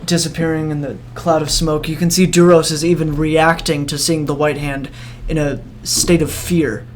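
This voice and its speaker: A game master casually narrating a tabletop role-play, pausing and restarting as they go. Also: mid-range voice, flat delivery, slight background noise. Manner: casual, with halting fillers and restarts.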